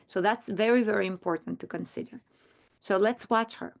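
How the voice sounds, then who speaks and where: A woman walks fellow teachers through a training session, earnest and explanatory as she doubles back to restart her sentences. Her voice carries a gravelly fry at a middle pitch. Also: normal speed. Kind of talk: recorded training presentation.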